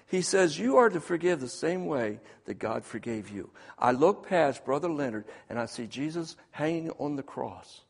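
Male preacher, higher voice, dynamic sermon delivery, long hall reverb. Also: lively intonation, moderate pace, creaky, few pauses, husky. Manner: swings from hushed to loud, emphatic preaching.

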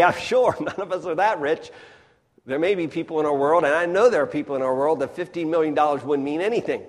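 A man preaching a sermon in a folksy way, swinging between loud emphatic bursts and hushed near-whispers. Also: on the high side. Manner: folksy, addresses the crowd as folks. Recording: long hall reverb.

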